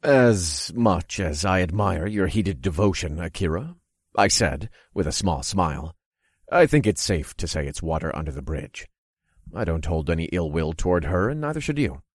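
A man narrates a story in the first person with calm, detailed description. His voice is very low and even. The recording is close and dry, with no echo. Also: normal speed, husky.

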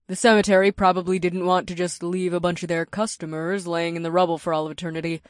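Dry, wry witch, read by a woman, low-pitched, close and dead-dry sound. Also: level tone, fast talker, no room sound, lightly acted. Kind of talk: audiobook dialogue.

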